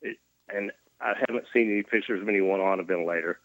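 A man with a lowish voice tells his story in a folksy, joking way, poking fun at himself. The sound is dry and a bit muffled, as if it came over a remote link. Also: fast, fairly bright tone, dry recording. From Mississippi, US. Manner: folksy, joking, self-deprecating. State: recovering from cardiac arrest. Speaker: guest. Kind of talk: casual storytelling interview.

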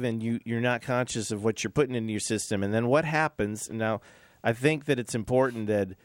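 A man's voice: mid-range voice, no room sound, studio quality. A man hosting an interview, chatty and joking with his guests. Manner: chatty, jokey. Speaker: interview host. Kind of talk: casual interview chat.

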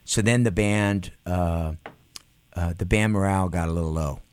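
A man's voice: low voice, moderate pace, clean tone. A middle-aged man, a musician guest, telling stories in a casual interview and acting out quotes with laughs. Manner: animated, acts out quotes with laughs.

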